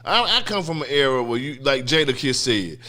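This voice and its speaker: A man in casual podcast chat, animated and streetwise, often repeating "you know what I'm saying.". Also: medium pitch, a little fast. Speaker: podcast co-host.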